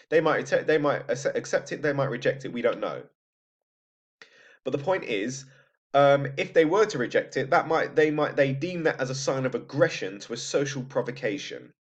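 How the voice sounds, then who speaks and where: Man teaching with a loose, chatty manner. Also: medium pitch. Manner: conversational, frequent "right?" checks and restarts. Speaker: psychology teacher. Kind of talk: recorded lecture. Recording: slightly dull lo-fi audio.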